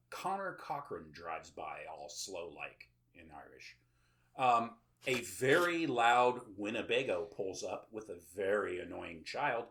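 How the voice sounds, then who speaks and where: This podcast host has a low, fairly bright voice. He recaps a movie's plot casually and sarcastically, rambling with lots of filler sounds.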